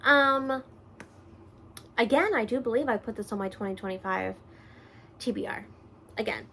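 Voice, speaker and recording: This is a woman chatting through a casual book vlog from a room at home. She is animated and quick to laugh. Her voice jumps between loud exclaims and soft, half-whispered asides. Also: on the high side, slight background noise. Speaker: book reviewer host.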